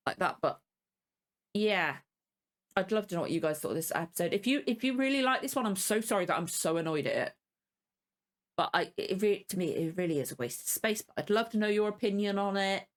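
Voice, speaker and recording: A woman hosting a casual reaction video, rambling and frank, openly annoyed about the episode she watched. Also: medium pitch. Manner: rambling and frank, many fillers and restarts. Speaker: reaction channel host.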